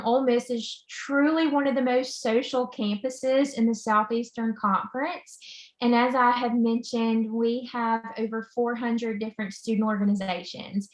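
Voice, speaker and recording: A woman's voice: a little high, fairly even intonation, moderate pace. A woman who works as a college admissions counselor, giving an upbeat, enthusiastic presentation over a video call with the odd "um" along the way. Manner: upbeat and enthusiastic, with frequent "um" fillers. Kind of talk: informational presentation. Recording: echoey room.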